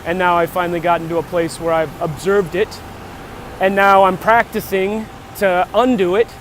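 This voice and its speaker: A man's voice: high-pitched, flat delivery, normal speed, a little hiss or hum. A man talking casually while out on a morning walk, rambling and musing with lots of restarts. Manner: rambling, musing, self-interrupting. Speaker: vlogger. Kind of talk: casual walk-and-talk vlog. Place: outdoors on a walk near traffic.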